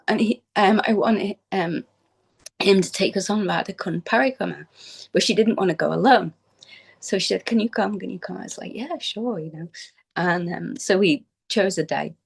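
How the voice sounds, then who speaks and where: A woman sharing a personal remembrance in an informal, halting way, with many fillers and restarts, her voice dropping at times to a near whisper. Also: on the low side, creaky, slightly rough, rough recording. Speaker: devotee giving a memorial homage.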